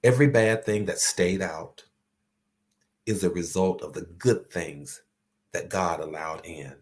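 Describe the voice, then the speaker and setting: A man's voice: sits low, unhurried, darkish tone. A man hosting an inspirational talk, speaking earnestly and repeating key phrases for emphasis. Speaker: host.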